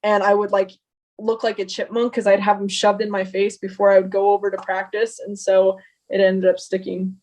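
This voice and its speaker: A talkative woman guest speaks earnestly in a relaxed podcast interview. Her pitch stays quite even and flat as she talks. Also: normal speed. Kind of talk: casual interview chat.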